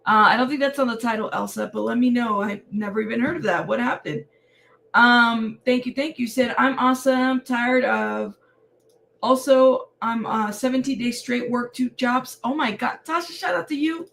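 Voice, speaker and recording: Woman, tired, chatty livestream host, gravelly voice, slightly high. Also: normal speed, fairly bright tone. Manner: chatty, greets viewers by name. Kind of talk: casual live chat greeting viewers.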